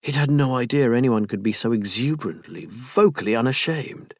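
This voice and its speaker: A man reading an audiobook in an even, measured narration. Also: mid-range voice, no echo, studio quality. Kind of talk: scripted narration.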